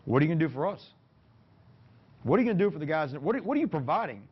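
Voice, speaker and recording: A rapid-fire football coach holds forth to a room of fellow coaches. He is folksy and plain-spoken and mixes jokes into his points. The recording sounds muffled and lo-fi. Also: fairly high pitch, very animated, breathy edge. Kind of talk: clinic talk to coaches. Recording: dull lo-fi recording.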